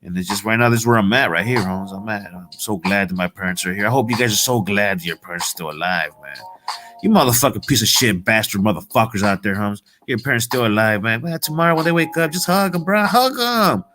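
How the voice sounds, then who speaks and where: A man's voice: lowish voice, fast talker, over music. A man giving a profane, heated motivational rant in street slang. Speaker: motivational vlogger.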